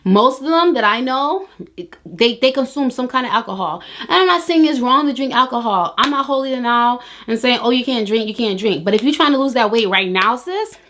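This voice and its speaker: A young adult woman vlogger giving weight loss tips in casual chat to camera, sassy and animated, teasing her viewers with slang. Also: high voice, fairly quick, a little hiss or hum.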